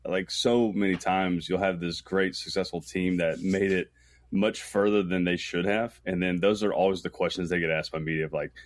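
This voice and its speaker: A man talking as a podcast guest in loose casual chat, rambling with lots of fillers and getting animated in stories. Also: sits low, normal speed. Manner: rambling, heavy use of "like", animated when telling stories. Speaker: podcast guest, camera operator.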